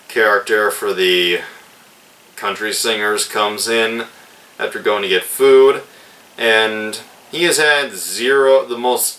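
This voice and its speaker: Slow-talking man reviewing a film. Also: lowish voice, bright, forceful tone, recorded from a distance, rough recording. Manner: loose, rambling retelling with "like" fillers. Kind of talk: casual video review.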